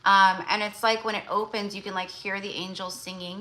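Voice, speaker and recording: Woman, tarot livestream host, casual rambling chat, bright clear voice, lots of fillers. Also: mid-range voice, level tone, moderate pace, few pauses, poor audio. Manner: rambling, full of fillers and restarts.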